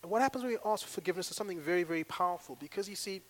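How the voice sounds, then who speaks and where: Animated preacher man, higher voice. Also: rapid-fire. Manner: animated, acts out little dialogues, swings between loud and hushed. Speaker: pastor. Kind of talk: sermon.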